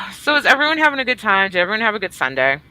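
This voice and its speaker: Fast-talking, with a fairly high pitch, big pitch swings, and a pushed, bright tone, a woman co-hosts a casual livestream. She's bubbly and teasing as she greets viewers, swinging between squeals and mutters.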